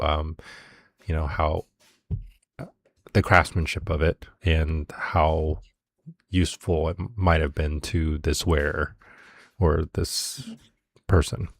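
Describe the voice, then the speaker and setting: A man narrating as game master of a tabletop game, slow and full of ums. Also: low-pitched, no echo, studio quality. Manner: slow, filler-heavy narration.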